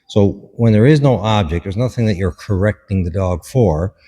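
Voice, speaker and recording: A man's voice: sits low, warm tone, breathy edge. Man coaching dog training in an echoey space. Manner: instructive, short commands to the dog. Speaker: dog behaviourist. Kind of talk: hands-on training demonstration.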